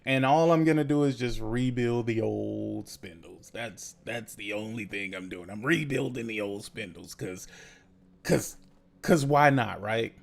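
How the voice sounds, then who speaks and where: Young guy on his podcast, gravelly voice, cussing and laughing through a story. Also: fairly low pitch, unhurried. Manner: profane, animated storytelling with laughs. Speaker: podcast host. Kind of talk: casual chat.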